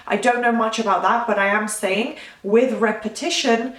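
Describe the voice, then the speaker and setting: A woman's voice: a little high, steady tone, normal speed, roomy sound, far from the mic. A woman manifestation coach giving casual talking-head advice in a rambling, chatty way, often stopping to correct herself.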